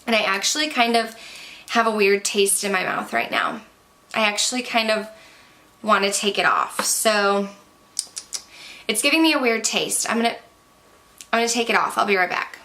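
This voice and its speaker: Young female beauty vlogger, chatty and candid, a little breathless, bright tone. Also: medium pitch, very animated, moderate pace, long pauses. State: slightly out of breath. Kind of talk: casual product review.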